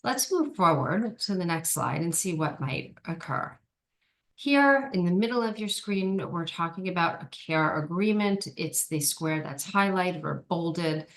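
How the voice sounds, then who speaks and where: A woman's voice: lowish voice, lively intonation, unhurried. A woman giving an online training presentation, explaining steps carefully with frequent ums and small restarts. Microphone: video call.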